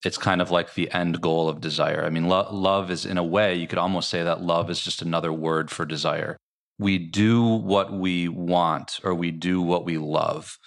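A man's voice: deep voice, steady tone, normal speed, gravelly. A man who is an author, speaking as a podcast guest and thoughtfully explaining ideas with many filler words. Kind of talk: explanatory conversational interview.

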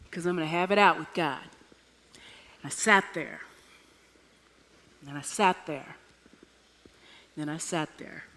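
A woman's voice: lowish voice, a bit bright. A woman preaching a sermon, telling a personal story with wry humor. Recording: echoey hall reverb.

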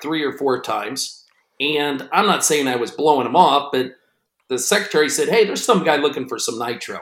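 A man co-hosting a podcast, telling an animated story and acting out both sides of a phone call. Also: medium pitch, reverberant. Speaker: podcast co-host and racing announcer.

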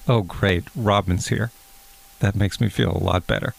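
A man playing a touchy, fondue-loving guest who talks in a deadpan, stammering way in an improvised comedy bit. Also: low voice, normal speed, creaky, heavily acted.

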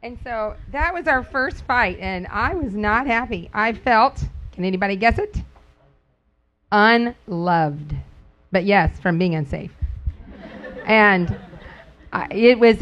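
A middle-aged woman speaking casually to a group, telling stories with frequent laughter and acting out quotes in sudden high squeals. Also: lively intonation, measured pace, a bit bright. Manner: laughs often while talking. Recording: dull lo-fi recording.

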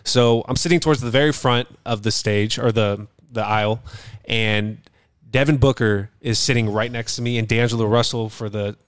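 A man's voice: medium pitch, normal speed, smooth, no room sound. A young man co-hosting a podcast, telling an anecdote in laid-back, profane casual chat. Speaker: podcast co-host, son.

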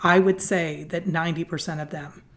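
Middle-aged female guest, earnest and animated storyteller, slightly low register. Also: normal speed. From Southern California. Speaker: guest, nonprofit founder. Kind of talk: conversational storytelling interview.

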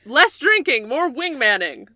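A young woman playing a tabletop role-playing game, playful and excitable, often cutting in with jokes. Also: high-pitched, measured pace, no echo, studio quality. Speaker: player. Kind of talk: casual tabletop game play.

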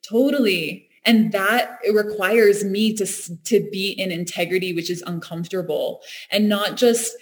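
A woman's voice: medium pitch, steady tone, a little slow, hardly any pauses. A woman talking in a reflective, earnest way, often laughing and restarting her sentences. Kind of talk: reflective casual conversation.

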